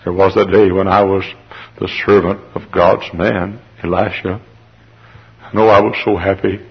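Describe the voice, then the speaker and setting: A remorseful leper who blames himself for his children's sickness, as a preacher voices him. The voice is low and gravelly, with a husky edge. The recording sounds dull and lo-fi. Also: level tone, measured pace, heavily acted. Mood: wistful. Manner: remorseful first-person lament. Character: grieving leprous male servant, guilt-ridden father.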